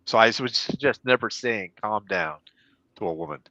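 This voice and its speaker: Male co-host, bantering joker, bright animated voice, dry dulled recording. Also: lowish voice, dry recording, muffled recording. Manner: jokey, quick banter. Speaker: podcast co-host. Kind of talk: casual comic book podcast chat.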